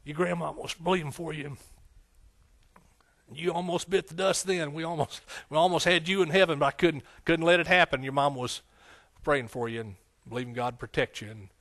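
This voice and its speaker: A man's voice: on the high side, fairly even intonation, brisk, fairly bright tone. A man preaching a folksy, conversational sermon, with frequent amens and hallelujahs. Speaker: pastor.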